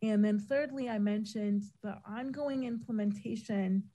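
A woman giving a measured, methodical presentation to a council as a city disability office official, with frequent ums and uhs, while she is losing her voice. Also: mid-range voice, mellow, low-quality recording.

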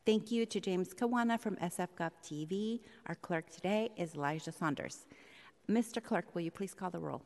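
A woman presiding over a public board meeting as vice chair, speaking in a measured, polite way with a few fillers. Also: fairly low pitch, darkish tone. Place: legislative chamber in a city hall. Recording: long reverb of a large hall.

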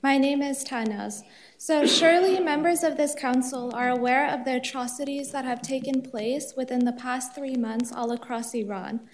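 A woman's voice: sits high, fairly even intonation, moderate pace, a little hiss or hum. A woman reading an earnest prepared statement as a public commenter at a city council meeting.

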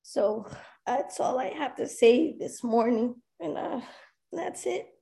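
A woman's voice: fairly high pitch, lively intonation, slow, vocal fry, mellow, poor audio. A woman giving an emotional public comment at a school board meeting, impassioned and pleading, near tears.

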